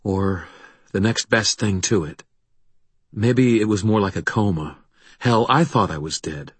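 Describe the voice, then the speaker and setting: Brief: a man reading a tired, husky wizard, clipped and defensive, very low. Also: unhurried, dry recording. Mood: weary. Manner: clipped, defensive, rising to shouts. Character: wry, weary adult man wizard. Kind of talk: audiobook dialogue.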